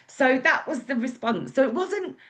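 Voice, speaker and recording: This guest speaker has a high, expressive, slightly bright voice and an English accent, talking at a normal pace. She tells her own story in a frank, chatty manner, performing the quotes she relates.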